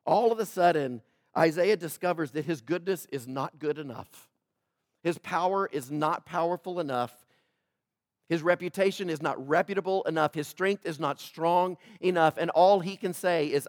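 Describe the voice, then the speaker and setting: A man preaching a sermon as pastor, swinging between loud declarations and soft joking asides and putting questions to the congregation. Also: a little high, normal speed, no echo, clean studio sound.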